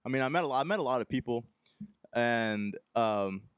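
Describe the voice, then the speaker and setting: In a clean studio with no echo, a young Texas man hosts a casual solo podcast, telling a rambling story and performing its characters. His medium-pitched voice is animated and clean in tone, at a normal pace.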